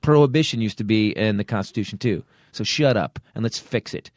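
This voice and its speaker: A man's voice: fairly quick, no echo. A man hosting a comedy podcast, ranting angrily and swearing at the state of the country. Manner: angry, swearing rants with lively swings of pitch. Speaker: podcast host. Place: podcast studio.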